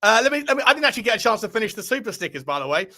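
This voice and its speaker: A man hosting a live fan stream, excitable and thanking viewers by name. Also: high voice, rapid-fire. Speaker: host. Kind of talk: casual live-stream chat.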